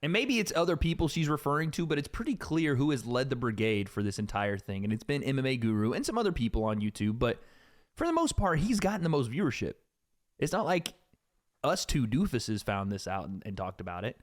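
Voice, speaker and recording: A man talks through a casual reaction show in a wry tone and laughs often. His pitch swings up and down a lot. His voice sits in the middle range. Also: big pitch swings, a little fast. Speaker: co-host.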